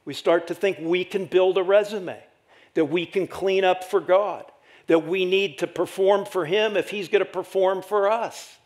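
A middle-aged man preaching a sermon as pastor, animated and rhetorical, often tagging lines with "right?". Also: high voice, a little slow. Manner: animated, rhetorical "right?" asides, dramatic acted quotes.

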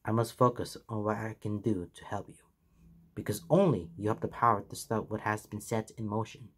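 A man's voice: on the low side, fairly even intonation, husky. A man doing a grave, weary old mentor hero. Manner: grave, slow and deliberate. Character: weary older male mentor hero, solemn. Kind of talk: fan fiction reading.

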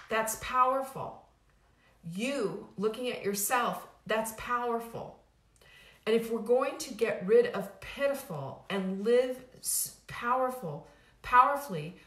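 A woman's voice: medium pitch, a bit bright. Emphatic middle-aged woman in an echoey room. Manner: emphatic, repetitive, casual with frequent restarts. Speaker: weight-loss program host. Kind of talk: motivational talk. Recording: roomy echo.

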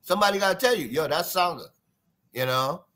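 Trinidadian drummer, male, bright lively delivery, wide pitch swings, sing-song storyteller. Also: brisk. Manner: lively, sing-song, imitates drum sounds. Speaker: guest drummer. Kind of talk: animated storytelling interview.

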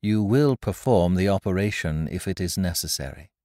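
A man voicing a composed, secretive young woman who speaks calmly and steadily. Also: deep voice, no echo, clean studio sound. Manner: calm, measured and composed.

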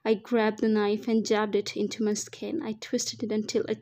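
A woman reading a first-person fan fiction story aloud as the narrator, in a slow, even storytelling manner. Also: mid-range voice.

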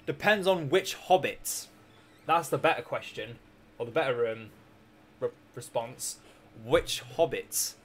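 Streaming a strategy game, this young Scotsman chats casually despite a sore throat, rambling, cracking jokes and laughing a lot. He has a medium-pitched, fairly bright voice with lively intonation, a breathy edge and a measured pace.

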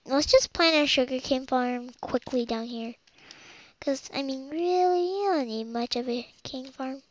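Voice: high voice, a little slow, a little hiss or hum. A child rambling through game commentary as host of their own let's play, with muttered asides. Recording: dull lo-fi home recording.

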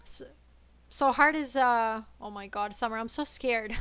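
A woman streaming a co-op game, chattering nervously and excitedly as she plays. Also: a little high, a little slow, clear, resonant tone, no room sound. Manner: excitable, nervous, switches between English and Italian. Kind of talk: live gameplay chatter.

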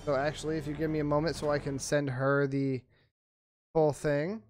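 Man game host, higher voice, playful announcer tone, faint music behind him. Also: little pitch movement, moderate pace, a little mellow. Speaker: host of an online AI battle game. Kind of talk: casual hosting chat.

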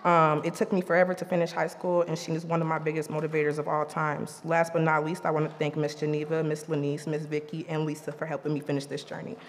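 A woman's voice: sits low, little pitch movement, fast talker, few pauses. Young woman, graduation speech, casual and emotional, lots of ums, reverberant hall, faint background noise. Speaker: graduating student speaker.

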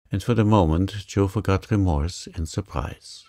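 A man reading a sleep story aloud in a calm, gentle manner. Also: deep voice, a little slow, few pauses, no echo, clean studio sound. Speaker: narrator. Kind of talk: slow sleep story narration.

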